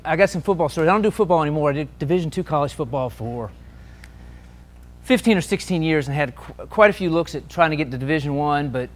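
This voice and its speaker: A man with a fairly high voice tells anecdotes to a room of listeners. He swings from quiet asides to loud, excited bursts when he acts out what someone shouted. His talk is casual and full of restarts. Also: fast. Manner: animated anecdotes, shouting out quoted lines. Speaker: sports official and speaker. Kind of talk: storytelling talk to an audience.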